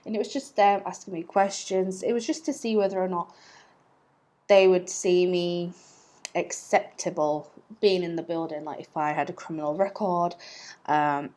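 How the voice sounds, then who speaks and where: This vlogger is a young woman with a somewhat low, slightly mellow voice. Recounting something personal on camera, she chats and meanders, dropping fillers and poking fun at herself with little laughs.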